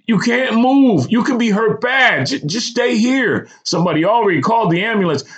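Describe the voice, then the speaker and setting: A man's voice: sits high, animated, moderate pace, a bit bright, husky, pitched above the performer's own voice, heavily acted. A man voicing a kind, worried male meter reader who soothes an injured stranger with urgent street talk, in a storybook reading on a dull lo-fi recording. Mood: urgent, soothing.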